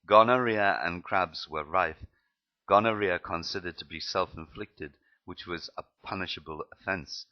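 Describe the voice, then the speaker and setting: Deep-voiced man reading his memoir aloud, plain delivery, lo-fi sound. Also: moderate pace. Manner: plain reading with slips and restarts. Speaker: narrator.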